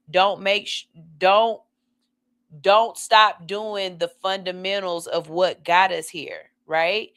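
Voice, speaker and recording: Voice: medium pitch, gravelly, sharp tone. A podcast host talking casually and motivationally to the audience, checking in on viewers one by one in a laid-back way.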